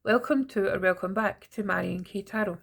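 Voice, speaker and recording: A middle-aged tarot reader speaks directly to her viewers in a casual reading to camera, chatty and teasing. Her voice is medium-pitched, gravelly and husky, and she talks fairly quickly.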